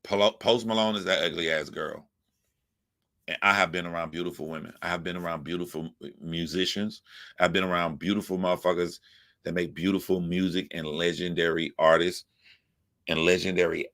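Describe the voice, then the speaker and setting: Young guy ranting, lotta swearing, punchy bright voice, kinda low, says stuff twice. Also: fairly even intonation, a little fast. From United States. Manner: profane, emphatic, repetitive. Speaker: commentator. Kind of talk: ranting commentary.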